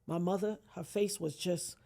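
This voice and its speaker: A woman's voice: on the low side, fairly even intonation, moderate pace, creaky. A woman, a podcast guest, telling a dramatic personal story and acting out the voices of others. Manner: dramatic, acts out quoted voices, swings from hushed to near-shouting. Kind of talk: emotional storytelling.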